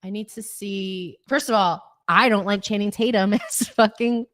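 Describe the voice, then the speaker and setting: A woman's voice: medium pitch, normal speed. A woman co-hosting a casual chat show, blunt and heated, swearing freely as she argues her opinions. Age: adult with children. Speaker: co-host.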